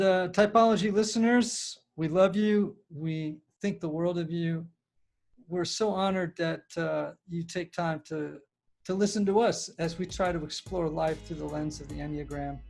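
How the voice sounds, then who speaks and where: Gravelly-voiced male podcast host. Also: fairly high pitch, unhurried, darkish tone. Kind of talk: conversational interview.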